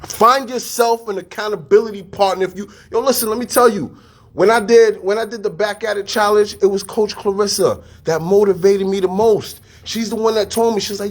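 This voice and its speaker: A man giving a casual motivational talk, energetic and full of street slang, repeating his phrases. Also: sits high, normal speed. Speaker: fitness studio staff and podcast host.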